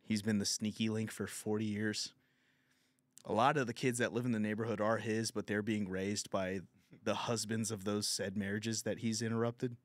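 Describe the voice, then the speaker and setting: A man's voice: lowish voice, flat delivery, normal speed, dry recording. A man hosting a podcast, telling a crude comedic story in casual talk and laughing often. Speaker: podcast host.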